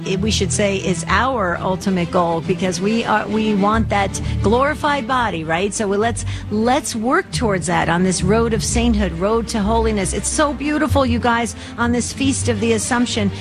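A woman's voice: mid-range voice, moderate pace, few pauses, over music. A woman hosting a faith talk show who rambles, with many restarts and fillers. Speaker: radio show host.

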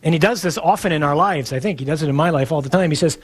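Guy preaching, chatty and playful, voice a bit on the high side. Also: slight background noise. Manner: conversational and playful, with sudden pauses for emphasis. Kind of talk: sermon.

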